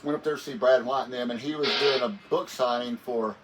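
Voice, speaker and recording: A man's voice: medium pitch, fairly even intonation, fairly quick. Laid-back rambling man telling road stories. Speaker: guest musician. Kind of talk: casual storytelling interview. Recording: voice a bit far from the mic with faint noise.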